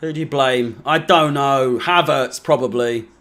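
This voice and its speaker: A man's voice: medium pitch, measured pace, a bit bright. A young man from England hosting a live football watch-along, deflated, sweary and sarcastic. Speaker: fan channel host.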